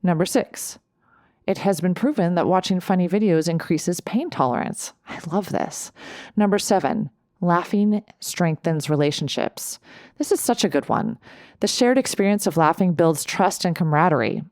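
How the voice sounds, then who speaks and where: A middle-aged woman hosts her own coaching podcast and talks listeners through tips. Her voice sits a little low, and she keeps an upbeat tone, laughing easily and asking "right?" as she goes. The sound is close and dry, with no room around it. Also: lively intonation, moderate pace, darkish tone, no room sound. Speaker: life coach and podcast host. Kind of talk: solo podcast talk, coaching advice.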